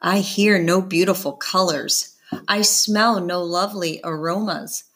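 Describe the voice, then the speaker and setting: A woman reading a novel aloud in first person, giving gentle voices to the characters. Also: lowish voice, measured pace, slightly rough. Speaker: audiobook reader. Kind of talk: first-person audiobook narration.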